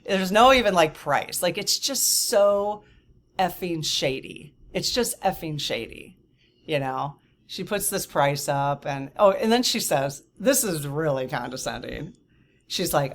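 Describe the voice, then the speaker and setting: A woman in her fifties telling a story to camera in a casual, animated and indignant way, with lots of fillers and asides. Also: sits low, unhurried. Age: 50s. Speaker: vlogger.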